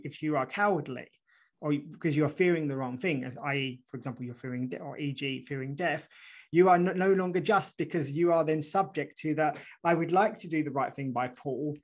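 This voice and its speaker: A man who is a guest author in an interview, explaining ideas in an animated, conversational way with frequent restarts and "right?" asides. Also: fairly high pitch.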